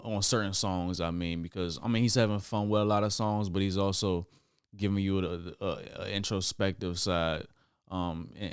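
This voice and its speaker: Brief: male music reactor, low resonant voice, dry close sound, stammers, bursts of hype. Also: smooth, dry recording. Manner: stammering restarts with sudden excited outbursts. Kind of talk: casual album reaction commentary.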